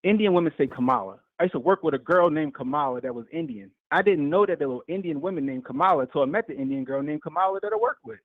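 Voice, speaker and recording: A caller on a talk show launches into a fast, animated, swear-filled rant about a debate. His fairly high voice comes through a tinny phone line with no room sound.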